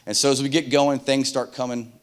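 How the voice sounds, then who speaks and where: Brief: middle-aged male keynote speaker on stage, rapid and animated, spins combat anecdotes and acts out the dialogue, mid-pitched voice. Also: clear, resonant tone. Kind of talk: keynote storytelling. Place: conference stage.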